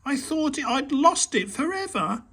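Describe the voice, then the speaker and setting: Storybook part: a scared tiny mole, very high squeaky voice, gravelly edge, put on by a man. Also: big pitch swings, measured pace, full character voice. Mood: relieved. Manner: high yelling cries. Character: frightened little male mole, desperate.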